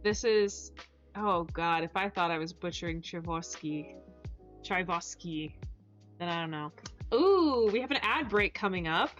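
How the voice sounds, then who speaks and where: A woman's voice: lowish voice, animated, moderate pace, fairly bright tone, highs cut off, faint music behind. A woman live-streaming and chatting casually with her chat, reading messages aloud and stumbling over hard names.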